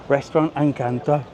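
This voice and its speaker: A man live-streaming a walking tour, talking casually and joking, with the odd swear word. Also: mid-range voice. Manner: chatty, jokey, swears casually. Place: outdoors on a busy resort seafront. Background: faint street and traffic noise.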